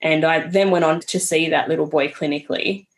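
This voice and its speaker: A woman's voice: low-pitched, steady tone, a little fast. A young adult woman, a podcast guest speaking in an earnest, reflective storytelling manner. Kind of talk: casual conversational interview.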